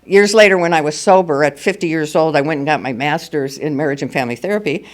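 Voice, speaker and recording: A woman's voice: deep voice, animated, a little fast, hardly any pauses, some chatter behind. An older woman speaking at a recovery meeting, telling her personal story candidly and with humor. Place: meeting room at a school.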